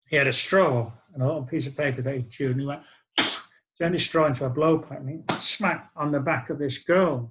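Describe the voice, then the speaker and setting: A man's voice: on the high side, rough recording. A man, telling a wry, reflective personal story in a conversational way. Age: 60s. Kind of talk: spoken-word storytelling.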